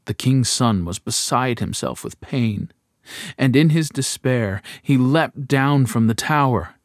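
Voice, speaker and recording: A man reads a fairy tale aloud in a slow, even, measured way. His pitch sits in the middle range. The recording is close and dry. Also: dry recording. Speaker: narrator.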